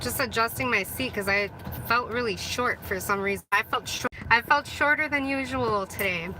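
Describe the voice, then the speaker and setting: A woman's voice: fairly high pitch, moderate pace, noisy background. A woman chatting casually to her viewers as a vlogger and radio host, rambling with apologetic asides, filmed on a phone inside a car. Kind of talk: casual vlog chat.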